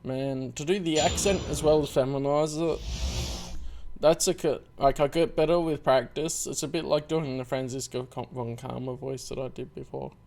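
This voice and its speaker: A man's voice: medium pitch, steady tone, moderate pace, vocal fry, a little mellow, slight background noise. A man casually commenting as he plays and reads through a story game. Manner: chatty, self-deprecating asides. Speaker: video game let's player.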